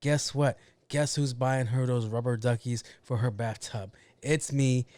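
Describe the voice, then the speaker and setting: A man's voice: medium pitch, fairly even intonation, unhurried, darkish tone, dry recording. A man hosting a casual solo podcast, ranting bluntly with a lot of swearing and grumbling to himself about his own mistakes. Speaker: podcast host.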